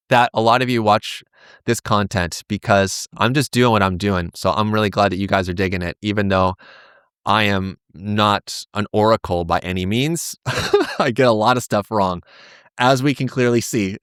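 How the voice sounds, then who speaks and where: A man's voice: medium pitch, a bit bright, clean tone, no echo, studio quality. A man hosting a crypto trading channel, talking casually through charts with rambling, self-deprecating, joking asides. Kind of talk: casual chart-analysis vlog.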